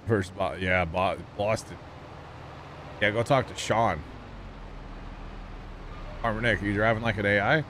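Man, Midwestern accent, gaming streamer, rambling casual chat, lowish voice. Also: steady tone, measured pace, long pauses, a bit bright, slight background noise. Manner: rambling, chatty, talks to chat with many fillers. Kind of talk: casual livestream chat while playing.

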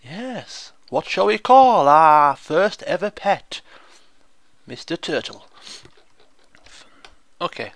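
A man giving chatty, excitable commentary on a video game, often laughing and exclaiming. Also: fairly high pitch, slow pace, pauses often, no room sound. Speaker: gaming video host. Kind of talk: let's play commentary.

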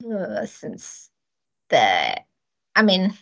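A woman's voice: medium pitch, huge pitch swings, very slow, gravelly, muffled recording. A woman in her thirties, a child life specialist, explaining practical techniques step by step in an interview. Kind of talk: podcast interview.

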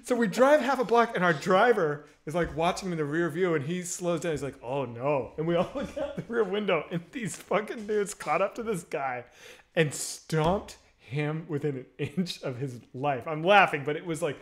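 A man on a livestream telling a story in an animated way, laughing through parts of his own tale. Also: a little high, moderate pace. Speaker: stream co-host. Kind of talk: casual storytelling chat.

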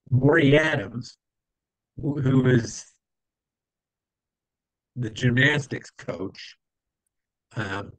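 A man's voice: medium pitch, no room sound, low-quality recording. Rambling man telling stories, dry sound. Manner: rambling, many fillers, acts out quoted voices. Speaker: interview guest. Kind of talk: casual storytelling.

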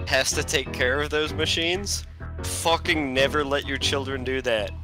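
A laid-back man chatting over memes with friends, swearing casually. His voice sits at an ordinary middle pitch, with music playing clearly behind him. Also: steady tone, unhurried. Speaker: meme video co-host. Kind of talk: casual chat reacting to memes.

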